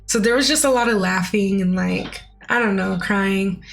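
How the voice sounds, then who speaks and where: A woman's voice: mid-range voice, moderate pace, gravelly, faint music behind. A young woman telling a personal story in a casual, chatty way, with lots of "like" and "you know.". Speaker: vlogger.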